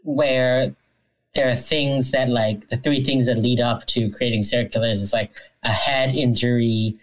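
A woman co-hosting a podcast, recapping a TV episode in casual, dry, deadpan chat. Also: extremely low pitch, a little slow, rough recording. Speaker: podcast co-host.

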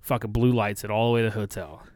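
A young man on a podcast, casually telling a profane, animated story and acting out the people in it. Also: fairly low pitch, fast, dry recording, clean studio sound. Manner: profane, animated retelling with quoted voices. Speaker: podcast co-host.

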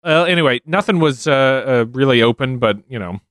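A man's voice: mid-range voice, lively intonation, brisk, fairly bright tone, no echo, studio quality. A man co-hosting a podcast in casual chat, rambling and laid-back with lots of fillers. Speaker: podcast co-host.

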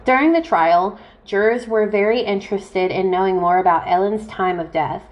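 A woman co-hosting a true crime podcast, telling the case in a blunt, profane, deadpan way. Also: mid-range voice, normal speed, muffled recording. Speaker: podcast co-host. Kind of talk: casual true crime chat.

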